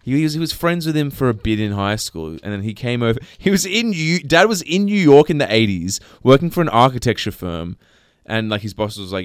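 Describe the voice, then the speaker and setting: A man's voice: medium pitch, expressive, fairly quick, few pauses, clear, resonant tone, no room sound, clean studio sound. Rambling man telling stories. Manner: rambling, swearing, laughing storyteller. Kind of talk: casual chat, storytelling.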